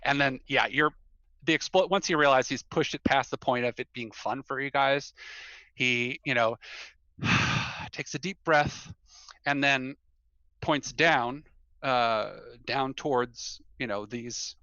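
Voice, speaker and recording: A man running a tabletop game, narrating in a rambling way with lots of fillers. His voice is bright and forward. The room sounds dead dry, and the audio is dull and lo-fi. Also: medium pitch, slow, no echo. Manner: rambling, with many fillers and frequent laughter. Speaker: game master.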